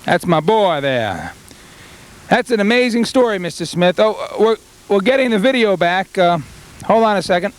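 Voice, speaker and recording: A man as a news reporter in a comedy sketch, with a smooth mock-news delivery. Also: high-pitched, a little fast.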